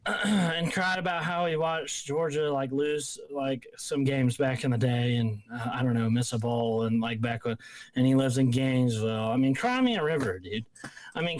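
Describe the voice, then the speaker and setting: A man's voice: mid-range voice, a little mellow, dry recording. A man ranting heatedly on a livestream, profane and rambling with lots of restarts. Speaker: guest panelist.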